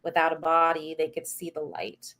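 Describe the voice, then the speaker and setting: A woman guest in a podcast interview, telling a personal story in a lively way, laughing often and acting out what others said. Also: sits low, normal speed. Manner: animated, acts out quoted voices, laughs often; self-described saucy.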